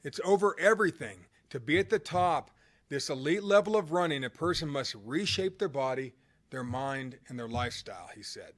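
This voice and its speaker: Chatty middle-aged man, slightly high voice. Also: animated, moderate pace, fairly bright tone. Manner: casual and rambling, with fillers, restarts and chuckles. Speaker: storyteller. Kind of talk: motivational anecdote told conversationally.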